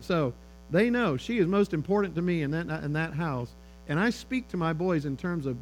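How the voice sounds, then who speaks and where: Middle-aged male speaker, slightly high voice, storytelling talk to parents, faint mains hum. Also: quick pace, low-quality recording. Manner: conversational, animated storytelling with quoted dialogue. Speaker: speaker on fatherhood. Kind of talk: sermon-style talk to parents.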